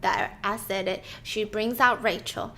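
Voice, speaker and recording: A woman casually telling a true-crime story to a co-host, acting out the people in it with lively voices. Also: medium pitch, unhurried. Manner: animated, acts out quoted people.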